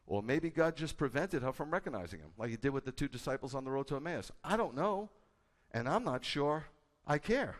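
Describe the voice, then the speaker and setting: A man, a rabbi, preaching a sermon with a conversational manner and bursts of loud, emphatic delivery. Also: mid-range voice, brisk. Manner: animated, rising to loud emphatic peaks. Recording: hall with long reverb.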